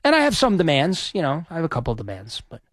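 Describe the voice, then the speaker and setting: A man's voice: a little high, wildly swooping pitch, fast talker, a bit bright, dry recording. A man hosting a sports radio show, talking in a rambling, chatty, self-deprecating way into a studio microphone. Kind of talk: casual radio chat.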